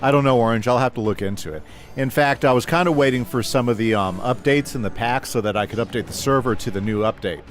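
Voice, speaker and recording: A man's voice: medium pitch, fast, faint music behind. A man casually chatting with his live chat while playing a game, reading comments aloud and talking through his moves. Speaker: gaming livestreamer.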